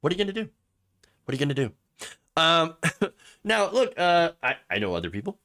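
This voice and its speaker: A man hosting a live political commentary show, sarcastic and animated, laughing at his own jokes. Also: a little high, fairly quick. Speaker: host.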